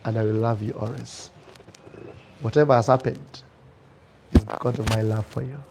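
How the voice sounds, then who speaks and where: A man playing a quiet remorseful husband. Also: fairly even intonation, measured pace, background noise, lightly acted. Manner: quiet, low, pleading. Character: remorseful dying young husband, soft and tender.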